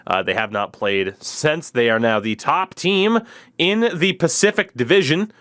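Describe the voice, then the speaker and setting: A man's voice: on the high side, expressive, unhurried, fairly bright tone. A man hosting a podcast in casual, rambling chat with a sardonic edge. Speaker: podcast host.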